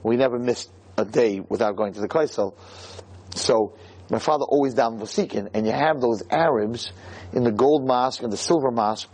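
A man's voice: mid-range voice, moderate pace, a little mellow, low-quality recording. A man giving a heartfelt, storytelling religious lecture, stumbling over restarts and rising to fervent emphasis. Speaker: Jewish lecturer. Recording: recorded on camera, live talk.

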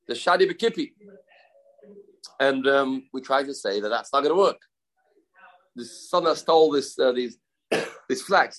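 A man's voice: mid-range voice, fairly bright tone. A man teaching a daily Talmud page, repeating phrases and mixing English with Hebrew and Aramaic terms. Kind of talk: explaining a Talmud page aloud.

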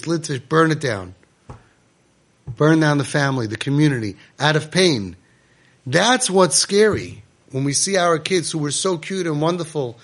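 Man giving a torah talk, emphatic, repeats stuff, slightly high voice. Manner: impassioned, emphatic, repetitive. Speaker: parenting guide and speaker.

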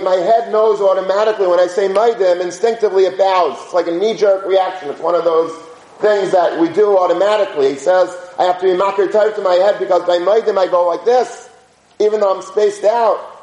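With a high-pitched, slightly mellow voice, a man gives an informal religious talk full of anecdotes. He weaves Hebrew and Yiddish words into his storytelling, and the recording carries a roomy echo.

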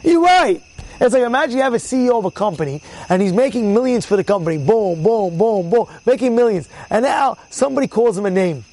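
A man teaching an informal Torah class as a rabbi, telling stories with lots of repetition and acting out the people in them loudly. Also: sits high, fast talker, poor audio. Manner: animated storyteller, repeats words, acts out quotes loudly.

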